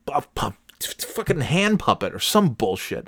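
A man's voice: mid-range voice, sing-song, moderate pace, fairly bright tone, no room sound, studio quality. A middle-aged man telling a story in a casual, profane and exasperated rant, full of restarts and sarcastic asides.

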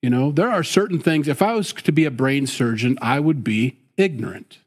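A middle-aged man delivering a sermon at a mid pitch. His manner is folksy and conversational, full of asides and casual interjections. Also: animated, normal speed. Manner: folksy, conversational, frequent "you know" and "boy". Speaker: pastor.

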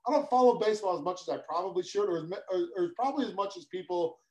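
Easygoing man guest, slightly high. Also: racing, darkish tone, low-quality recording. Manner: easygoing, hesitant, many you-knows. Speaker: guest, former ballplayer. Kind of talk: casual interview chat. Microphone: video call.

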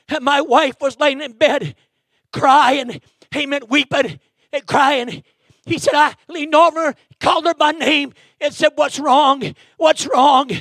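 A man preaching an impassioned sermon in a church, breaking into shouts and dropping "amen" between lines. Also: very high-pitched, no room sound, clean studio sound. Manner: fervent, bursts into shouting, peppers lines with "amen". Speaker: guest preacher. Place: church sanctuary.

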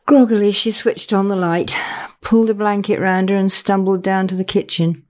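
A woman narrating her own novel in a measured, unhurried reading. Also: mid-range voice, steady tone, darkish tone. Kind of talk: audiobook narration.

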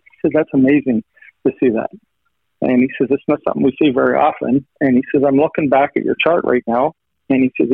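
A man with a medium-pitched, slightly rough voice and vocal fry earnestly tells his personal testimony, thanking God along the way. He quotes conversations line by line, stacking up "he said" lines. It's a thin, dry phone-like recording with no room sound.

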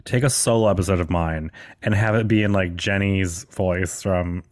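Male podcast host, lower voice, loose rambly delivery, laughs and curses a lot. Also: steady tone, normal speed. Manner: rambling, laughing, swears often, many "like" fillers. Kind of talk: casual chat.

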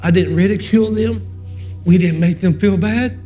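A man's voice: high voice, normal speed, mellow, faint music behind. A man in his sixties, a pastor, preaching a sermon in a folksy, conversational storytelling way and moving into prayer.

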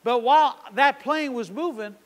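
A man preaching a sermon as pastor, telling a story and acting out its dialogue with shifting loudness. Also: very high-pitched, normal speed. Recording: long hall reverb.

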